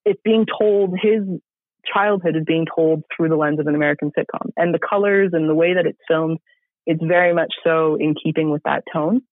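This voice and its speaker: Man, somewhat high voice, casual film chat, rambling, tinny phone-line sound, dry. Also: moderate pace, no echo. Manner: enthusiastic, rambling with many fillers. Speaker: podcast film reviewer.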